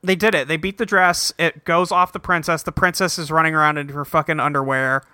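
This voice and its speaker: Young guy cohost rambling thru a cartoon recap, swears a lot, super bright voice. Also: on the high side, steady tone, brisk, clear, resonant tone, dry recording, studio quality. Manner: laughing, profane, rambling. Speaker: podcast host. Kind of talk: casual recap chat.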